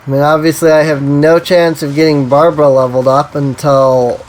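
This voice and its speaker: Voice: mid-range voice, little pitch movement, normal speed, darkish tone, slight background noise, poor audio. A game streamer giving casual live-stream commentary, rambling with lots of "like" and an irritated, coughing throat. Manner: rambling, heavy use of "like". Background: game music.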